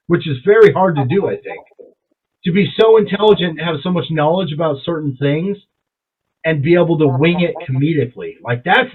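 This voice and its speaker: A man's voice: fairly high pitch, husky. A man co-hosting a casual podcast chat, rambling and swearing with enthusiasm. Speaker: podcast co-host. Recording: tinny phone-like sound.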